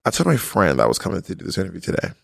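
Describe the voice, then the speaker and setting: A man talking casually as a guest, an animated storyteller who acts out what others said. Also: deep voice, very fast, gravelly, dry recording, clean studio sound. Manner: animated storyteller, slips into quoted voices. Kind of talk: casual chat.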